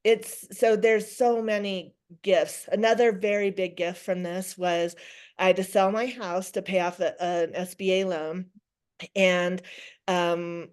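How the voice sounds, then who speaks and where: A middle-aged woman with a smooth, clear voice pitched a little low. She talks as a podcast guest, thinking aloud, restarting phrases and quoting her own inner talk. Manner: reflective, many restarts and quoted self-talk. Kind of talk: conversational interview.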